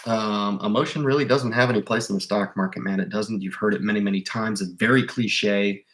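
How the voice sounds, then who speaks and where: A man with a fairly low voice hosting an investing livestream. He talks in a casual, rambling way, stumbling and restarting phrases, and presses his advice on viewers insistently. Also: steady tone, a little fast, fairly bright tone. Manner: rambling, emphatic, with repeated restarts. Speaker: investing channel host.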